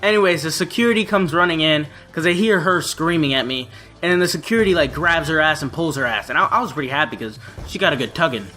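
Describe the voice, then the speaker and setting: A man's voice: a little high, fast, pushed and bright, soft background music. A young man telling a story on his vlog in a brash, profane way. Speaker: vlogger.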